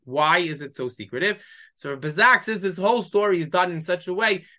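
Teacher, bright clear voice, walks through verses, keeps asking "why?" then answering. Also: mid-range voice. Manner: explanatory, poses rhetorical questions, reads Hebrew verses aloud. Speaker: Bible teacher. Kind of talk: weekly text-study lesson.

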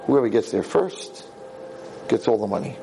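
This is a dying old father who speaks calmly and wisely in a lowered, steady voice, as a storyteller puts him on. He is quietly reassuring. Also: normal speed, creaky, noisy background. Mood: solemn.

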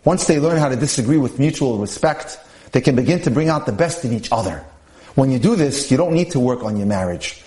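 A man reading a personal story aloud and adding his own earnest, measured commentary on marriage. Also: mid-range voice, darkish tone, roomy sound. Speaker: speaker on marriage.

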